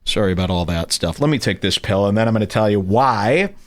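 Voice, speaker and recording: A man hosting a radio talk show, ranting casually with mocking impressions and sudden high-pitched bursts, and he has a headache. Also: lively intonation, fairly quick. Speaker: podcast host.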